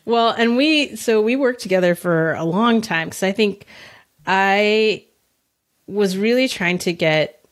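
A woman's voice: medium pitch, a little slow. A woman hosting a casual interview chat, guiding the talk with easy laughter. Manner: friendly, laughs easily, guides the conversation. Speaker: host and business coach.

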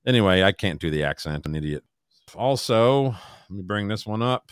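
Low-voiced man in a rambling podcast chat. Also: normal speed, clean tone, no room sound, studio quality. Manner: meandering, hesitant, loose. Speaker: podcast co-host.

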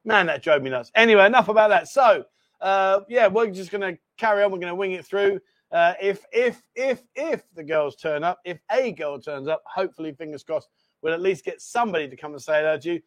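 A man's voice: high-pitched, lively intonation, brisk, fairly bright tone, no echo. A man hosting a casual livestream from a bar, chatty and apologetic, bantering with his co-host.

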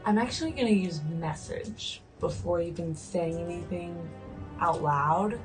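A woman playing a tabletop game, speaking in a gentle, hesitant, chatty way. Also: lowish voice, a little slow. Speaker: player. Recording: distant mic with faint music.

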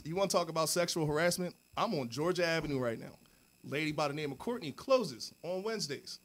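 Profane, animated man telling a bar story. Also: fairly high pitch, brisk. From United States. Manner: profane, animated, quotes people in put-on voices. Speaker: podcast co-host. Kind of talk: casual storytelling with friends.

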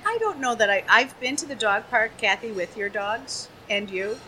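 A woman's voice: on the high side, lively intonation, moderate pace, sharp tone, a little hiss or hum, low-quality recording. A woman guesting on a talk show, bubbly and playful while chatting in a public market. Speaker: business strategist, guest. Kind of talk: casual interview chat.

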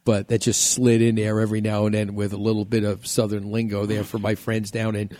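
A man's voice: on the low side, monotone, a little fast, dark tone, no room sound. Radio host, man from New York, jokey, rambling, dry close sound. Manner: joking, rambling, laughs often. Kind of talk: casual radio talk.

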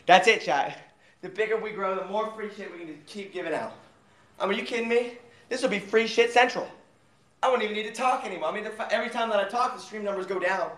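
A young man livestreaming who hypes up his chat with loud, profane shouting. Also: high-pitched, a little fast. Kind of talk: hyped livestream hype-up. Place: outdoors at night in a warm, mosquito-filled spot. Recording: echoey live stream audio.

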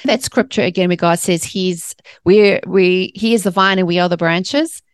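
Talking with passion about faith and the mind, this female guest author occasionally launches into rants and imitates those she quotes in a lively faith-based interview. Her fairly low voice is clear, resonant and steady at a normal pace, captured in a clean studio with no room sound.

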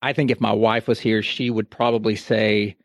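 A man's voice: on the low side, moderate pace, no room sound. A man in his thirties, co-hosting a podcast, chatting casually and acting out voices as he tells stories. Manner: animated storyteller, acts out voices. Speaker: podcast co-host. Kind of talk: casual chat.

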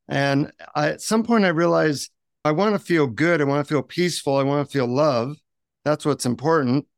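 Male author guest, fairly high voice, lively anecdotal delivery, dry close sound. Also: no echo. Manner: lively, self-mocking anecdotes. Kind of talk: interview storytelling.

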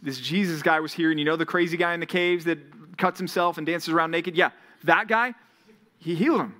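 A man's voice: fairly high pitch, fairly quick, fairly bright tone, natural voice. A man voicing a flustered male pig herder who talks in chatty modern slang in a retold Bible story.

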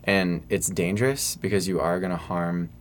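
A young man from Michigan, a student songwriter, answering interview questions casually in a soft, hesitant way full of fillers. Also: deep voice, fairly even intonation, moderate pace, a little hiss or hum. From Michigan, USA. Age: young adult.

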